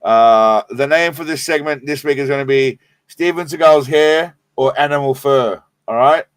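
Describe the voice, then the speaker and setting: A man's voice: medium pitch, moderate pace, dry recording. Stoned Australian man rambling on stream. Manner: rambling, profane, laid-back. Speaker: live stream host. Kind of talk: casual live stream chat.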